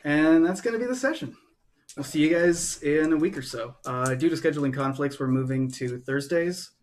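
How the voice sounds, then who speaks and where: A man's voice: a little high, moderate pace. A man narrating as game master, rambling and loose with many fillers.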